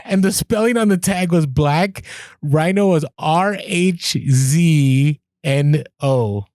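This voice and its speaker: A man co-hosting a podcast, telling a story in casual chat, animated, laughing as he goes and acting out what people said. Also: on the high side, slow, no echo, studio quality. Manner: animated, laughs through stories, acts out quoted lines. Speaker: podcast co-host.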